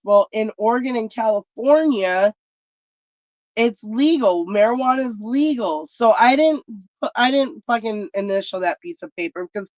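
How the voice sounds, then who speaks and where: A woman's voice: on the high side, no echo. A woman telling stories in a blunt, profane casual rant. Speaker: vlog host. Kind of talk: casual ranting chat. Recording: dry, dull lo-fi sound.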